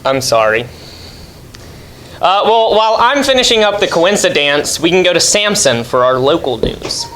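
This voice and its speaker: A teenage boy anchoring a school news broadcast, with playful deadpan hand-offs between segments. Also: high voice, moderate pace, a little hiss or hum, low-quality recording. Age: teens. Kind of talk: scripted school news banter.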